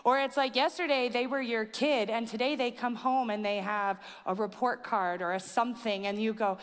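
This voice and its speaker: A young woman pastor preaching a conversational sermon, telling animated stories with casual fillers. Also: a little high, moderate pace, few pauses, smooth. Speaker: student ministry and teaching pastor. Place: church auditorium. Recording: church hall with long reverb.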